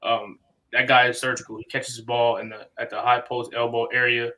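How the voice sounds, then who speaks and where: A man's voice: medium pitch, little pitch movement, a little fast, sharp tone, low-quality recording. A man co-hosting a live basketball podcast, talking it over casually and restarting his sentences often. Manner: restarts and repeats words often. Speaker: podcast co-host. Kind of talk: casual sports talk.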